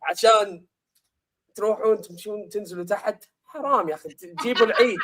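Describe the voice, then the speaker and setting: Rapid-fire exasperated man, high voice. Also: a bit bright. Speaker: football show co-host. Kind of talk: casual banter mixing English and Arabic.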